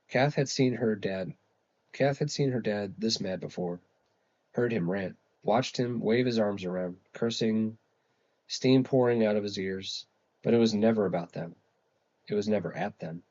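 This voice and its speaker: A man reading a novel aloud as a steady audiobook narrator. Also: fairly low pitch, moderate pace, lo-fi sound. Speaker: audiobook reader. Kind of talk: scripted narration.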